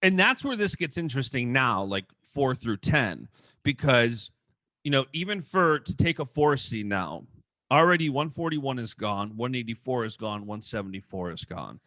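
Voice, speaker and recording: A man co-hosting a podcast, chatting casually and animatedly with frequent restarts. His voice is bright and forward. The sound is dry and close, with little room around it. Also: mid-range voice, no room sound. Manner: quick, animated, full of "like" and restarts. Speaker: podcast co-host. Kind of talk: casual chat about wrestling.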